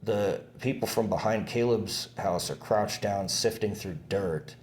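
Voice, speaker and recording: Rambling, cursing young man, very deep voice. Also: measured pace. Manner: rambling, profane, many fillers and restarts. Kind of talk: casual monologue recounting events.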